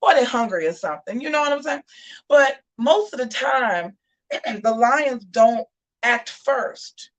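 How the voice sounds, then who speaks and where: A woman hosting a casual live show. She tells a story in a sassy, animated way and keeps calling her viewers y'all. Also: a little high, unhurried. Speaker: host of a live gossip and commentary show.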